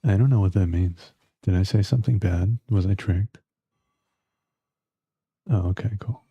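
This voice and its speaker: A man with a low, breathy voice talks at a measured pace while streaming a game, trading crude, teasing banter with his viewers in casual chat. The stream audio is dull and lo-fi, with no echo.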